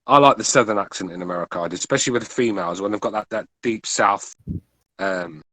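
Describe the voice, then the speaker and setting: English man, fast talker, bright voice, rambling casual chat, dry close sound. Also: on the low side, dry recording. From England. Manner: rambling, full of restarts and swearing. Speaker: podcast panelist.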